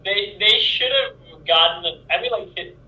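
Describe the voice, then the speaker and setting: Casting note: opinionated man on a fan panel, sharp bright tone, set back in an echoey room. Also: high voice, measured pace, highs cut off. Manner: opinionated, blunt. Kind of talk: casual chat. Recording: roomy, distant from the mic.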